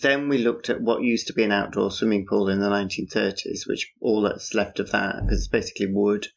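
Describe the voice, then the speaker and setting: A man's voice: fairly low pitch, steady tone, fairly quick, gravelly. A man talking outdoors on a street at night in a rambling, casual monologue, with wry, dryly sarcastic asides. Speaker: podcaster. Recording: dull, muffled lo-fi recording.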